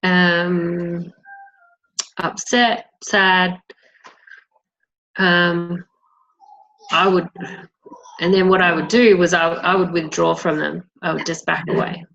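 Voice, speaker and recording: A woman being coached, answering hesitantly with frequent pauses. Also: lowish voice, little pitch movement, vocal fry, fairly bright tone. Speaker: mentee. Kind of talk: coaching conversation. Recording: muffled sound with faint noise.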